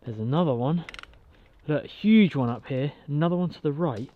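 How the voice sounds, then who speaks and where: A man vlogging casually while walking his dog outdoors in a park, chatty and quick to laugh. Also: fairly high pitch, narrow, tinny audio. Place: outdoors in a park and golf course.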